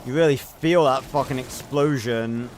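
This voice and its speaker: A man's voice: medium pitch, measured pace, a little hiss or hum. A man streaming a video game, giving casual, rambling commentary, thinking aloud and swearing freely.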